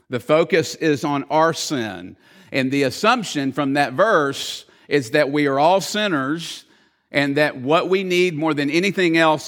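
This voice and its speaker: A man's voice: on the high side, a bit bright. A man preaching a sermon as pastor, earnest and emphatic, telling stories to drive points home.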